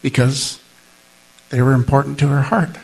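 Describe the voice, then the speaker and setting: A middle-aged man preaching a sermon as pastor, earnest and slow, rising to emphatic calls and leading prayer. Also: medium pitch, little pitch movement, creaky, a little mellow, husky, low-quality recording.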